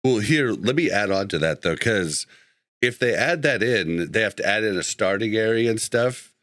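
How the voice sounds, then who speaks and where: A man's voice: on the low side, animated, moderate pace, fairly bright tone, no room sound. A man hosting a podcast in casual chat, reading out live chat and easily sidetracked, with an easygoing manner. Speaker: podcast host.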